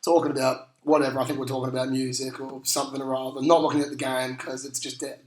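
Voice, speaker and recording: A man's voice: medium pitch, level tone, quick pace. A young Australian man hosting a podcast, telling rambling slangy stories with plenty of swearing. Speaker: podcast host. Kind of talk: casual chat. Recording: roomy echo.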